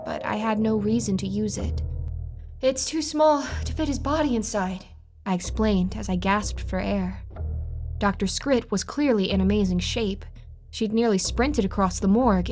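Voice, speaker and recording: Brief: female horror narrator, mid-pitched, steady read over faint music. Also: normal speed.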